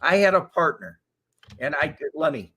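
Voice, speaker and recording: Older male host, chatty storyteller, laughs a lot, bright and lively. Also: a little high, moderate pace, breathy edge. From Chicago area. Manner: animated, laughs often, acts out quotes. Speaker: show host. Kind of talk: casual storytelling chat.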